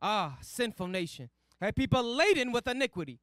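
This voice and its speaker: A man reading scripture verses aloud in a measured, deliberate way. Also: very high voice, very animated, fairly bright tone, no echo. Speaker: scripture reader.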